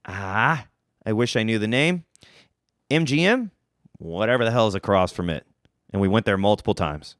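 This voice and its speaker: A man hosting a podcast, telling a story in a casual, self-mocking way and jumping up in pitch for emphasis. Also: animated, normal speed, pauses often, a bit bright, dry recording, clean studio sound. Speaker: podcast host.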